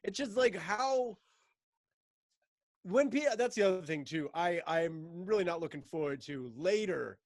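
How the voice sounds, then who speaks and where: A man's voice: sits high, lively intonation, a little slow, dry recording. A man in casual chat, ranting and mocking with lots of swearing, laughing between phrases.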